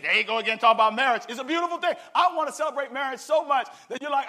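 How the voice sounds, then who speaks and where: Man, pastor, very high voice, sharp tone, animated sermon. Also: racing, hardly any pauses. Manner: animated, call-and-response preaching.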